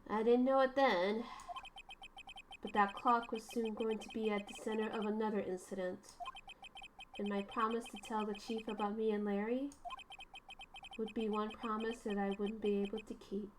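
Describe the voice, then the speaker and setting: A woman's voice: mid-range voice, flat delivery, moderate pace, long pauses, noisy background, pitched below the performer's own voice, close to an everyday voice. A woman voicing a young male rookie lawyer who narrates his story in a reflective way. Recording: game music behind.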